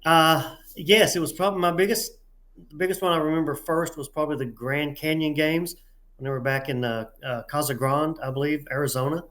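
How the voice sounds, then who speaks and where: Halting Southern-drawl man, higher voice. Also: steady tone, a bit bright. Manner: halting, many filler sounds, folksy and self-deprecating. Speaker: head tournament referee, guest. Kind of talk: casual interview storytelling.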